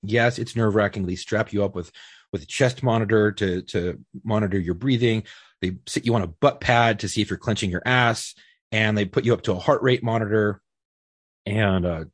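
A man with a low, husky voice co-hosts a podcast. He tells his stories with animated, profane energy. The sound is close and dry. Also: no room sound. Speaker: podcast co-host, police officer, former Marine. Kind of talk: casual podcast chat.

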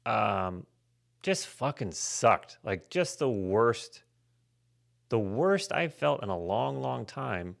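A man's voice: medium pitch, very animated, takes it slowly, gravelly. A man co-hosting a comedy podcast, chatting casually in a rambling, self-mocking way and swearing freely. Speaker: podcast co-host.

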